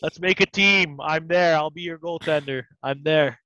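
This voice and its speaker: A man's voice: fairly high pitch, normal speed, pushed and bright, dry recording. A man hosting a casual podcast chat, easygoing and agreeable, often affirming what his guest says. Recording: dull lo-fi, dry.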